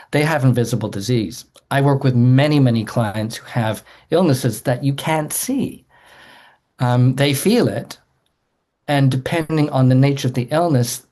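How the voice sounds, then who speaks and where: A man's voice: mid-range voice, darkish tone. A man, a doctor, giving an earnest explanatory talk to a group, often repeating words as he restarts a sentence.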